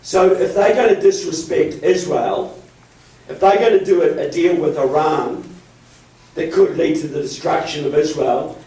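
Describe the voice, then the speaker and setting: A man's voice: fairly high pitch, normal speed, dark tone. A man from New Zealand with a New Zealand accent and a cold, giving a joking, rallying political speech as guest speaker in a meeting room. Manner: joking, rallying, often says "folks". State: has a cold. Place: county board meeting room. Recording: echoey room, mic from far.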